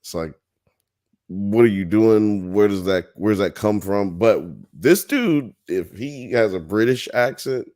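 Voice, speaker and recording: A man's voice: on the low side, slow. A man hosting a podcast, chatting loosely and profanely with his co-hosts. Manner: loose, profane, animated banter. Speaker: podcast host. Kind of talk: casual chat.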